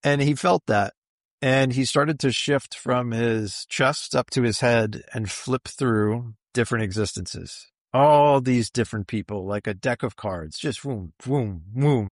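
A man's voice: medium pitch, unhurried, no room sound, clean studio sound. A man being interviewed, recounting a personal experience in a reflective way, searching for words with many fillers. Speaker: interview guest.

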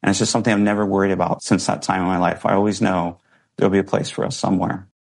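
A man's voice: deep voice, little pitch movement, very fast, vocal fry, darkish tone. A man, a guest in an interview, telling a personal story earnestly and reflectively, with some emotion.

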